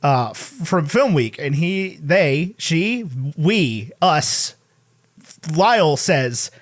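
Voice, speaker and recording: A man's voice: a little high, lively intonation. A man co-hosting a movie podcast, joking and teasing in casual chat. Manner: joking, teasing, quick asides. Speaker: podcast co-host.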